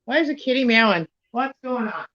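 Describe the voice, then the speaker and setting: A woman's voice: fairly high pitch, expressive, a little fast, sharp tone, lo-fi sound. A woman hosting a casual home livestream, rambling and easily distracted while she bakes in her kitchen. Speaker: livestream host.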